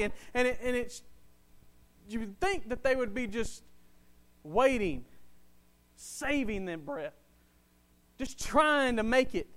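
Man, high voice, fervent preacher; drops low then builds loud, hammers phrases twice. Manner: impassioned, swings from quiet to loud; repeats phrases for emphasis. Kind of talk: sermon.

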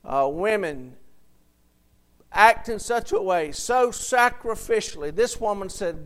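A man preaching a sermon in a high, clear voice. He takes his time, retells scripture in everyday words and pauses to call for an amen from the congregation. His delivery is smooth and resonant. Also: fairly bright tone. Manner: reads King James verses aloud.

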